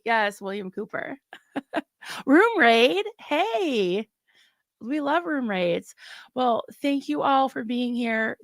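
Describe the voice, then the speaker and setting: A middle-aged woman hosting a casual livestream, chatting warmly and getting emotional, recorded close and dry. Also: on the high side, no room sound. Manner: warm, emotional, chatty with laughs. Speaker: livestream host.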